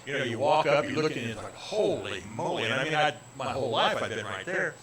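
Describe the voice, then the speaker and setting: A man's voice: mid-range voice, fast talker, crowd noise. A man in his sixties from Indiana, a comedian telling a story on a radio talk show and acting out the dialogue. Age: 60s. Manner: animated comic storyteller, acts out dialogue. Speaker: comedian guest.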